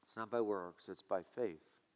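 A man's voice: fairly low pitch, steady tone, unhurried. A male pastor preaching a sermon, emphatic and repetitive, asking his listeners rhetorical questions.

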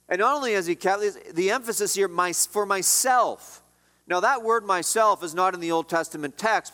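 A man preaching from the pulpit, his voice pitched a little high for a man. He drives points home through repetition and sinks quiet on the heavy lines. The sound carries a long reverberant tail from the hall. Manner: emphatic preaching with repetition and dropping volume on key lines. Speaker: pastor. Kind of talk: sermon.

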